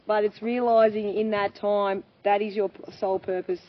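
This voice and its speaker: A woman, a farmer and mother speaking candidly as an interview guest, animated and laughing often as she acts out quoted voices. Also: medium pitch, moderate pace. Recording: dull lo-fi sound with faint noise.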